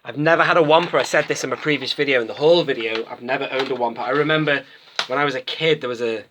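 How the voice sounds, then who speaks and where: A man's voice: medium pitch, quick pace, fairly bright tone, a little hiss or hum. A British man in his late thirties, chatting enthusiastically and rambling as he unboxes and reviews toys in a casual vlog. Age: late 30s. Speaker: toy collector vlogger.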